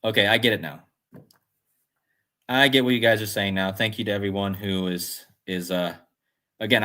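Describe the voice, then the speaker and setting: A man's voice: lowish voice, sharp tone. A man hosting a casual livestream, rambling and musing aloud as he reads chat comments. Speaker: livestream host.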